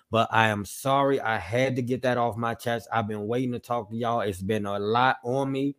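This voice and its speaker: A man's voice: medium pitch, fairly even intonation, normal speed, hardly any pauses, fairly bright tone. Emotional, apologetic male podcast co-host. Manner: emotional, apologetic, profane, repetitive. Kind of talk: emotional personal monologue.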